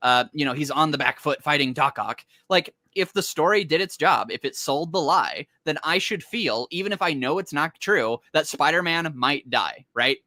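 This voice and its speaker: Animated laughing man, bright voice. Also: on the high side, normal speed, few pauses, dry recording, studio quality. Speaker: podcast co-host. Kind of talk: casual chat.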